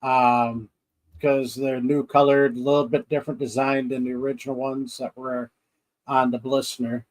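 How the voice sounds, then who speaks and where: A man's voice: mid-range voice, flat delivery, moderate pace, poor audio. A man co-hosting a podcast in casual chat, rambling through scenes, acting out his own reactions and laughing often. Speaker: podcast co-host.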